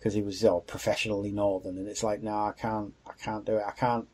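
A man's voice: fairly low pitch, flat delivery, quick pace, darkish tone. A man co-hosting a podcast, chatting casually, candid and jokey with blunt opinions. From Wales. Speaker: podcast co-host. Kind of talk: casual chat.

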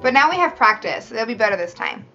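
A woman's voice: a little high, sing-song, quick pace, pushed and bright, lo-fi sound, soft background music. A woman hosting a casual gaming chat, sounding sleepy and yawning often as she plays. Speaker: host playing a video game.

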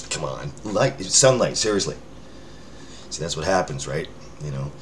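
In a casual check-in video for his followers, a low-voiced guy rambles to the camera, cracking jokes at himself and filling the gaps with fillers and restarts. He's indoors under a lamp near a window, with a faint hiss behind him.

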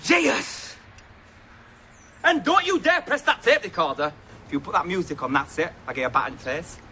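Brash cocky lad, crude and boastful, cheeky insults, bright voice, faint hiss behind. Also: male voice, high-pitched, lively intonation, normal speed, exaggerated voice. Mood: ranting. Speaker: comic character. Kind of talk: comedy sketch acting.

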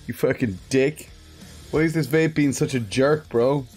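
A man's voice: medium pitch, a little slow, a little mellow, husky, faint music behind. An Irish man chatting casually on a live game stream, greeting viewers by name, laughing often and swearing freely. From Ireland.

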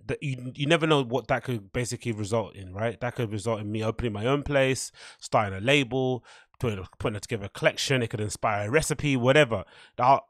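A man's voice: lowish voice, dry recording, clean studio sound. A man hosting his own podcast, rambling casually through his week with lots of fillers. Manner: rambling, loose, filler-heavy. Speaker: podcast host.

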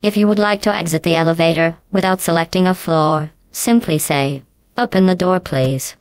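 A synthetic woman's voice playing a calm, polite voice-recognition elevator that keeps asking to repeat. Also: fairly low pitch, normal speed, clear, resonant tone, no room sound. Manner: calm, prim, repetitive. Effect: text-to-speech voice.

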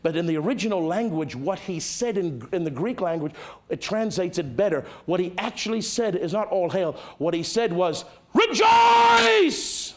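Pastor, male, higher voice, very animated delivery; dramatic sermon with loud peaks and quiet drops. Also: normal speed. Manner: dramatic preaching, swings from loud exclamations to hushed tones.

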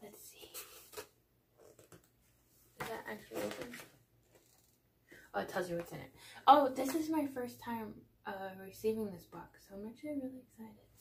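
A chatty woman with a Texan accent gushes her way through an unboxing, her voice carrying a gravelly fry. She slips between bright exclamations and hushed near-whispers, and a steady hiss of noise sits under the recording. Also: on the high side, normal speed, long pauses. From Texas. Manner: gushing, chatty, drifting into soft near-whispers. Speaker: unboxing vlogger. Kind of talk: casual unboxing chat. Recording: noisy home recording.

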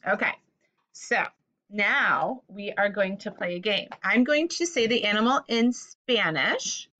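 A woman's voice: mid-range voice, animated, a little slow, bright, forceful tone, low-quality recording. A woman teaching a vocabulary lesson for children, patiently repeating each word and inviting the listener to say it back.

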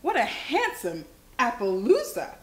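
A woman's voice: on the high side, huge pitch swings, unhurried, reverberant, a little hiss or hum. A woman voicing a kindly magical grandfather, cheerful and reassuring.

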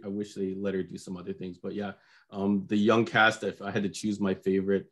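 A man's voice: low voice, level tone, brisk, fairly bright tone. A man co-hosting a podcast, chatting casually in a rambling, hesitant way. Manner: rambling, hesitant, lots of restarts. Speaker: podcast co-host. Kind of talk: casual chat.

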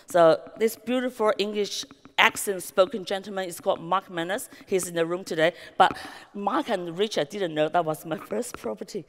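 A woman with a Chinese accent, a real estate business founder telling her story at a conference with lively anecdotes, acted quotes and many "you know" fillers. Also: mid-range voice, brisk. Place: large conference hall. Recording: long reverb of a large hall.

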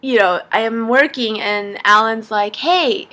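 A young woman vlogger telling a story to camera, animated and laughing as she acts out quotes. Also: on the high side, a little slow. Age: young adult.

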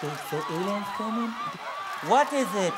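A man voicing a squeaky, eccentric male pop star in a comedy sketch, breathy and giggly. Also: lively intonation, normal speed, a loud crowd, very noisy. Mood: excited. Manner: breathy, giggly, keeps saying "Bish".

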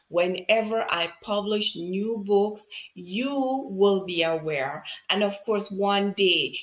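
A woman teaching reading with phonics, speaking slowly and clearly in an encouraging way. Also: lowish voice, reverberant. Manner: slow, enunciated, encouraging. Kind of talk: phonics tutorial for parents.

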